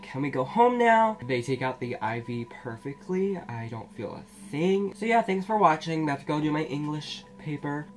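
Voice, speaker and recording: A vlogger telling a personal story to camera in a blunt, sarcastic, profane way. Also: medium pitch.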